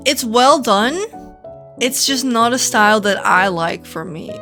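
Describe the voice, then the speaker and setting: A woman's voice: on the high side, animated, measured pace, sharp tone, soft background music. Chatty woman reacting to game outfits. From Netherlands. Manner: chatty, reactive, dramatic mock outrage. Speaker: gaming content creator. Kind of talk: casual game commentary.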